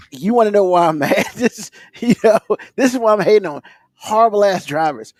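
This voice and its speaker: A man's voice: high voice, animated, normal speed, a little mellow, no echo. A man ranting on a podcast, mocking other drivers with put-on quotes. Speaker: podcast co-host. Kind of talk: ranting casual chat.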